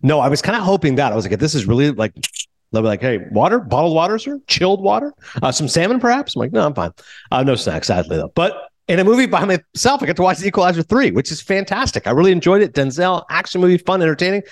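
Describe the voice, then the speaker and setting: Male podcast host and film critic, fairly high, lively voice, quick delivery, acts out dialogue. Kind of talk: casual storytelling monologue and interview.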